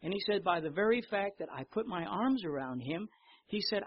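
An older man preaching a sermon, telling stories with lively repetition and reading scripture aloud. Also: sits high, moderate pace, breathy edge, no room sound, muffled recording. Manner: storytelling, animated in anecdotes, repeats words. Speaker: pastor.

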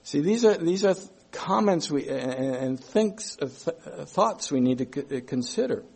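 A man preaching a sermon, slow and emphatic, repeating his key phrases as he works through a Bible verse. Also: a little high, expressive, vocal fry, a little mellow, breathy edge.

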